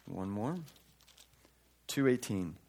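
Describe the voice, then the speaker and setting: A man preaching a conversational sermon, reading scripture and breaking into casual asides, swinging between loud emphatic lines and quiet remarks. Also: fairly low pitch, lively intonation, slow pace. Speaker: pastor.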